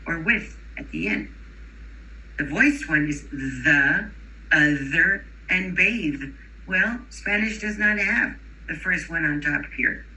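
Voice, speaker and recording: A woman giving a recorded lecture to teachers. She explains clearly, models sounds aloud, and checks in with rhetorical questions. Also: on the low side, pushed and bright, low-quality recording. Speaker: instructor for teachers of bilingual children.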